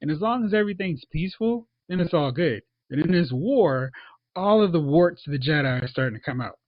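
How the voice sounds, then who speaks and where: A man co-hosting a podcast, casually reviewing a show and acting out characters in quick asides. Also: on the high side, lively intonation, dry recording. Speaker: podcast co-host. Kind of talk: casual movie review chat. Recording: dull, dry lo-fi sound.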